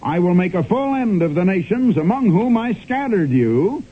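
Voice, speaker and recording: Husky man preaching over tinny radio. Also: high-pitched, very animated, normal speed. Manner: emphatic, swooping preaching cadence, repeats "my friends". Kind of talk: old radio sermon. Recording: tinny old radio broadcast.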